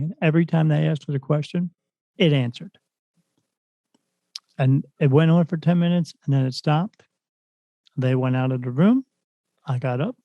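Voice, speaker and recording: A man in a casual podcast chat spins a long story with animated energy, slipping into the lines of the people in it. His voice sits a little high for a man but has a mellow, soft tone. The recording is close and dry. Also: dry recording, highs cut off. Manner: animated retelling, acts out quoted voices. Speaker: podcast guest, spirit medium.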